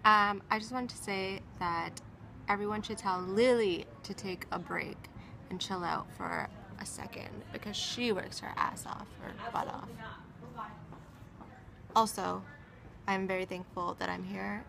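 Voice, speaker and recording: A woman's voice: fairly low pitch, fairly even intonation, moderate pace, gravelly. A young woman, the host's friend, chatting on camera in a giggly, earnest way. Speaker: friend of the host. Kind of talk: casual chat on camera. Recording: busy crowd and street noise around.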